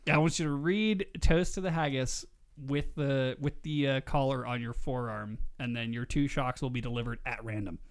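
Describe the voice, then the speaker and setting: A man co-hosting a charity livestream in casual chat, loud and excitable, often swearing and laughing. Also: mid-range voice, normal speed, clear, resonant tone.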